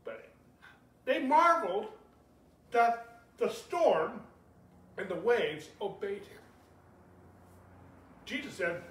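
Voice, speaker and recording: Male pastor preaching a sermon: high, bright voice, heard from a distance in an echoey room. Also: slow pace, long pauses. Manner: animated preaching, rising to shouts, asks the congregation questions. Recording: echoey room, speaker far from mic.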